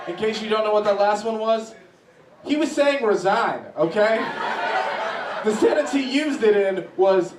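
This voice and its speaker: A man doing stand-up comedy, telling a story in an animated way and often laughing as he talks. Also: sits high, a little slow. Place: comedy club stage. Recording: echoey room, mic heard from a distance, faint noise.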